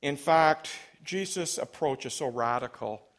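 A man's voice: on the high side, a little slow. A man, a pastor, preaching an emphatic sermon and telling stories. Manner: emphatic, storytelling, big swings in loudness.

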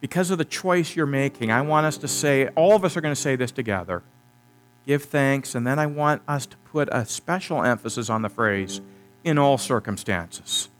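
A man preaching a sermon in a church service, speaking directly to the congregation and slowing down to repeat key phrases for emphasis. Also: medium pitch, fairly bright tone. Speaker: pastor.

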